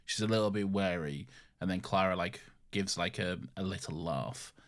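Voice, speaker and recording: A man's voice: low voice, moderate pace. A man co-hosting a podcast, chatting casually and defending his opinions emphatically, often ending with "okay?". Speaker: podcast co-host. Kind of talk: casual chat.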